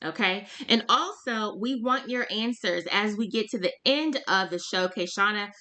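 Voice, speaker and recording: A woman's voice: mid-range voice, normal speed, bright, forceful tone. A woman co-hosting a podcast in casual chat, talking straight to listeners with emphatic rhetorical questions. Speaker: podcast co-host.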